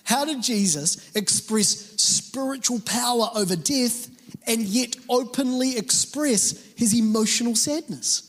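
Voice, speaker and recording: A man's voice: very high-pitched, unhurried. A man preaching a sermon in a church, earnest and emphatic with conversational asides. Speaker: pastor. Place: church auditorium. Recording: reverberant hall with faint music.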